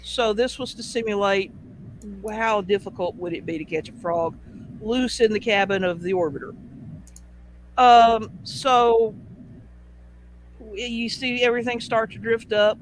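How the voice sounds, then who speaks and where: High-voiced man spinning a yarn. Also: measured pace, pauses often, slight background noise, poor audio. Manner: animated storyteller with vivid sound effects. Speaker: host. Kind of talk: casual anecdote storytelling.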